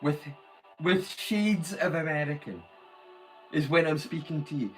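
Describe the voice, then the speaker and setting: A man's voice: fairly high pitch, a little slow, pauses often, faint music behind, rough recording. A man with a Scottish accent chatting casually to viewers during a watch-along stream, rambling and explaining with many restarts. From Scotland.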